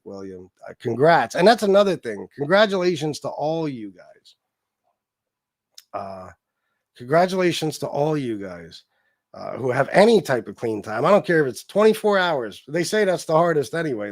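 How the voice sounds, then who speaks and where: A man's voice: mid-range voice, a little mellow, no room sound, clean studio sound. A man hosting a livestream, ranting bluntly with lots of swearing and rambling asides. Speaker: livestream host. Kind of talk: casual livestream rant.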